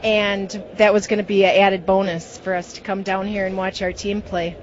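A woman's voice: medium pitch, level tone, moderate pace, highs cut off. A middle-aged woman from Wisconsin with a Wisconsin accent, a football fan giving short, friendly answers in an interview. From Fond du Lac, Wisconsin.

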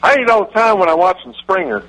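A man voicing a dim, rambling football coach who talks in a slow, dopey drawl. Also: high-pitched, expressive, a bit bright, poor audio. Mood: goofy. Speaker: impression on a radio comedy bit.

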